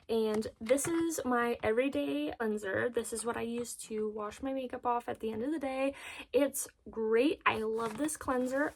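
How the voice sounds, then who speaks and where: Young woman in her early twenties, beauty vlogger, bright, gushing haul chatter, a touch high-pitched. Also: a little hiss or hum. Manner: bubbly, gushing. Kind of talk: casual makeup haul chat.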